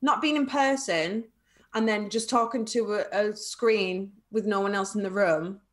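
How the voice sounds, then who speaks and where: A woman with a Liverpool accent, a business networking trainer chatting as a guest in an interview, lively and quick to laugh. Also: medium pitch. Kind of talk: casual interview chat.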